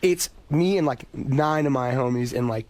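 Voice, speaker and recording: A male guest telling a long story in a casual, profane, animated and rambling way in a radio studio. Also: mid-range voice, normal speed.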